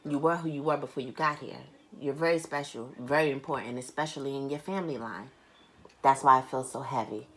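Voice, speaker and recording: Deep-voiced woman giving a tarot reading. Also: fairly bright tone. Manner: earnest and blunt, swears casually, repeats phrases for emphasis; reads card text aloud slowly. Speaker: tarot reader. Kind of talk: recorded private tarot reading.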